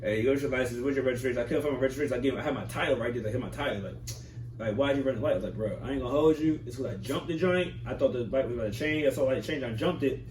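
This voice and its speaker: A man's voice: medium pitch, very fast, a little mellow. A young man in a casual group chat, animatedly telling stories and acting out both sides of his police stops. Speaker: podcast co-host. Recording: roomy room mic from a distance with faint hiss.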